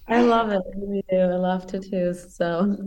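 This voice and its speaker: A woman's voice: medium pitch, dark tone. A woman co-hosting a podcast in casual chat, enthusiastic and sometimes searching for the right words. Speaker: podcast co-host.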